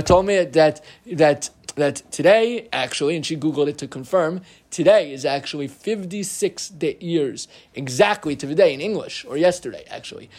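Brief: middle-aged male rabbi, light high voice, lively and self-interrupting, joking aside in a casual Torah class.

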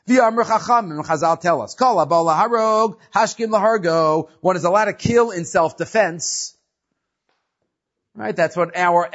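A man's voice: high voice, lo-fi sound. A man teaching a Torah class, explaining commentary with rhetorical questions and repeated phrases.

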